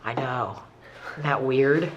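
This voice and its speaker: A woman, animated and self-deprecating as she talks candidly about her past. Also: extremely low pitch, slow pace, dull audio, a little hiss or hum. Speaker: interviewee in recovery. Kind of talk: candid conversational storytelling.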